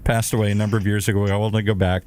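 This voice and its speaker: Brief: animated man co-host, quick and jokey. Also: lowish voice. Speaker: podcast co-host. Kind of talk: casual podcast conversation.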